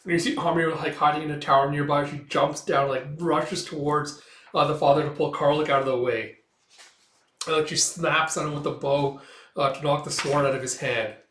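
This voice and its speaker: A man's voice: on the high side, fairly even intonation, moderate pace, a bit bright. Casual man recapping a manga. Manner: loose narration with many "like" and "uh" fillers. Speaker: manga reader and reviewer. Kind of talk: casual recap read-aloud. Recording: roomy echo.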